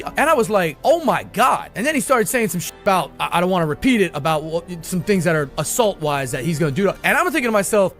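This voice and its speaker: A man's voice: high-pitched, lively intonation, fast talker, hardly any pauses, a bit bright, faint music behind. A man streamer telling a story casually, rambling and restarting his sentences often.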